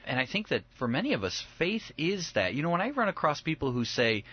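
A man's voice: fairly high pitch, brisk, slightly rough, dry recording, lo-fi sound. A man in a casual Bible discussion, talking animatedly and acting out the voices of the people in the stories. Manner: animated, acts out voices of biblical figures. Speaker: Bible study podcast co-host.

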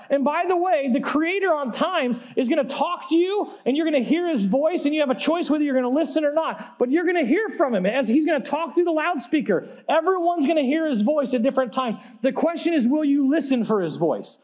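High-voiced animated male pastor. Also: a little fast, hardly any pauses, low-quality recording. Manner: animated, acts out family voices. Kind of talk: sermon with comic storytelling.

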